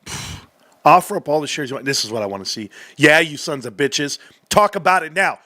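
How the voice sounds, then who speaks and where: A man hosting a livestream, reading through financial reports with excitable commentary that swings from muttering to yelling, his voice going hoarse. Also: on the high side, a little fast, dry recording, studio quality. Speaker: livestream host.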